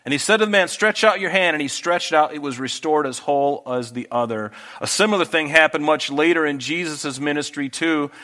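A man preaching a sermon, who swings from loud, emphatic scripture reading to quiet, intimate asides. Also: fairly high pitch, a little fast, hardly any pauses. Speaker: pastor.

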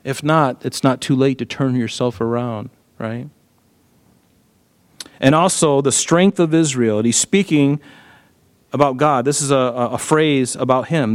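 A man's voice: mid-range voice, a little slow. A man teaching through a Bible passage in a casual, earnest way, often checking in with listeners. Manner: earnest, frequent "right?" asides and restarts.

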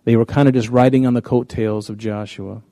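A man's voice: mid-range voice, steady tone, brisk, dark tone, dry recording. A man preaching a conversational sermon, telling stories in a folksy way with frequent restarts. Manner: folksy, storytelling, many restarts. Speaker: pastor.

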